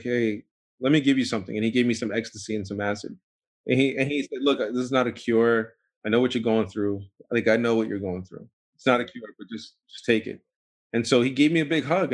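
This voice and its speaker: A man, a podcast guest, telling a long personal story in a rambling, animated way, full of fillers and restarts. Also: fairly low pitch. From United States. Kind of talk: casual storytelling interview.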